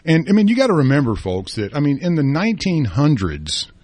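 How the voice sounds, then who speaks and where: A man's voice: fairly high pitch, huge pitch swings, brisk, darkish tone, no echo. A man co-hosting a talk radio show, chatting casually about sports and history with folksy fillers and restarts. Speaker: radio co-host.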